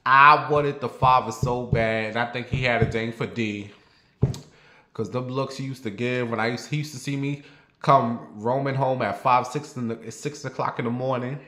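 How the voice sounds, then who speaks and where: New man, casual storyteller, blunt and profane, mid-pitched, recorded in a roomy space. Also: steady tone, moderate pace, a bit bright. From New York. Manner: rambling, blunt and profane, talks straight to viewers. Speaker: vlogger. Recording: roomy echo.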